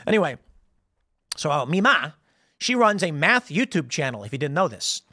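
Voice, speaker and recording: An American man hosting a political commentary show, telling stories in a rambling, animated way with frequent restarts and laughs. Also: on the high side, a little fast, dry recording, studio quality. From United States. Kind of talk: casual political commentary monologue.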